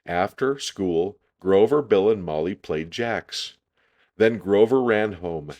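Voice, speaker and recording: A man reading a children's picture book aloud, calm and deliberate. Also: low-pitched. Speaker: storyteller.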